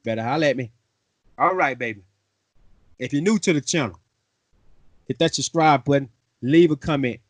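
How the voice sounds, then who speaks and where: A man hosting a sports fan show, excitable and playful, full of slang. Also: mid-range voice, normal speed, long pauses, dry recording. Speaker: host. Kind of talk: fan sports podcast talk.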